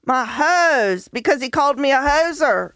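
A woman co-hosts a comedy bit, flustered and quick to giggle. Her voice is high, and the recording is dry and close. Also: animated, a bit bright, no room sound. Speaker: co-host. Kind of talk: improvised comedy chat.

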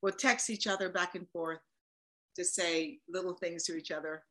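Forceful animated woman in an interview. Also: on the low side, normal speed, poor audio. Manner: animated and emphatic. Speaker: guest, voice actor and producer. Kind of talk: casual interview chat.

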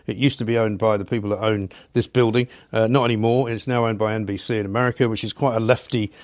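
A man hosting a studio talk show, scornful and animated as he tells his stories. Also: fairly low pitch, quick pace, no echo. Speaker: talk radio host. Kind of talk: opinionated chat.

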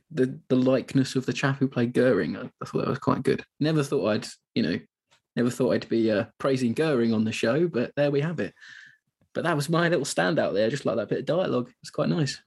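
Husky-voiced man chatting about a film. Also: medium pitch, brisk, darkish tone. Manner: chatty, rambling with many restarts. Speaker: podcast co-host. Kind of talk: casual film discussion.

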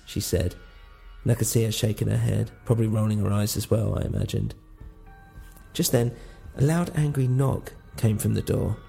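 A man narrating a first-person audio drama in a hushed, uneasy tone. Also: fairly low pitch, moderate pace, gravelly, slightly rough, soft background music.

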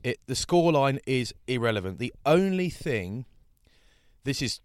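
Speaking at a measured pace in a medium-pitched, sing-song voice, this man co-hosts a podcast and works as a rugby broadcaster. His casual, chatty talk wanders through a story as he does mocking impressions of his hecklers.

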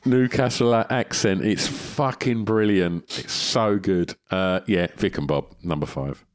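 A man's voice: lowish voice, unhurried, no echo, studio quality. A man in his fifties co-hosting a podcast, telling stories in casual chat, swearing and laughing often. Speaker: podcast co-host.

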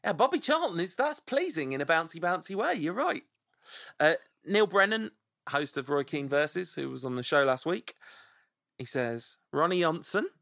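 A man's voice: a little high, big pitch swings, moderate pace, vocal fry, fairly bright tone, no room sound, studio quality. A man hosting a podcast in casual chat, playfully savoring the sound of names as he reads out suggestions. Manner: playful, relishes saying names aloud. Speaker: podcast host.

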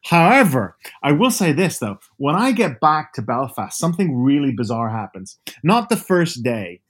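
A man in his fifties from Northern Ireland with a softened Northern Irish accent, chatting as a guest author over a video call and telling lively, animated stories. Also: a little high, normal speed. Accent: Northern Irish, softened by years abroad. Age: 50s. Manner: animated storyteller, lively asides.

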